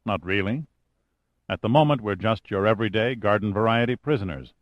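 A man's voice: on the low side, brisk, no room sound, dull audio, lightly acted. A man voicing a cool-headed, wisecracking male adventurer who answers in a dry, flippant way.

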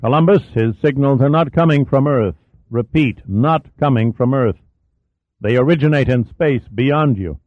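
A businesslike male mission control operator reports in brisk, procedural phrases, as a man reads him aloud. The sound is thin and phone-like, with no room echo. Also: medium pitch, natural voice. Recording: dry, thin phone-like audio.

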